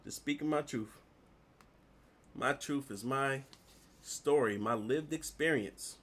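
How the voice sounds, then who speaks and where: Bright-voiced man rambling through a story. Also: medium pitch, slow pace. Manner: rambling, animated retelling with repeated "like". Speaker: artist vlogger. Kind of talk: casual storytelling while drawing.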